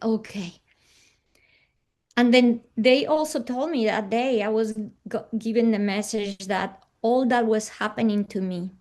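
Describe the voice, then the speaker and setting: A woman of middle pitch tells a personal story as an interview guest. She speaks softly and reflectively, often sinking into a near hush at the ends of her thoughts.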